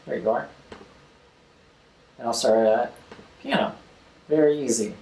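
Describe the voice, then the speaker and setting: Young male tutorial host, relaxed and chatty, scats beats; roomy sound with faint ambience. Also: medium pitch, measured pace, slight background noise. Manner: casual, talks while clicking, scats rhythms aloud. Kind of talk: screen-recorded software tutorial.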